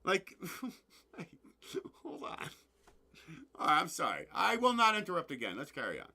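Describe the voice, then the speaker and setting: A man hosting his own show, ranting at his listeners in a profane, rambling, excitable way full of asides. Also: high-pitched, moderate pace, creaky. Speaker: podcast host.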